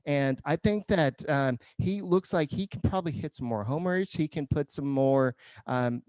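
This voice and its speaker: A man co-hosting a casual sports podcast, talking in a relaxed way with many fillers. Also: a little high, normal speed, no echo. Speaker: podcast co-host.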